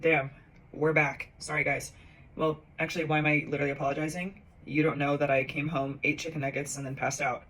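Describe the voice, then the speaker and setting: A woman's voice: low-pitched, little pitch movement, a little fast, fairly bright tone, faint music behind. A young woman, a comedian, telling a personal story in a casual, self-mocking way, acting out the dialogue with big jumps in her voice.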